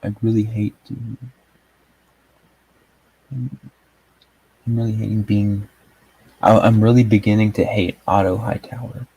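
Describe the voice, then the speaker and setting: Slow husky-voiced man rambling. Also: lowish voice, fairly even intonation, warm tone, rough recording. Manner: rambling, chuckles often, many fillers. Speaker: TV show reviewer. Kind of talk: casual video review chat.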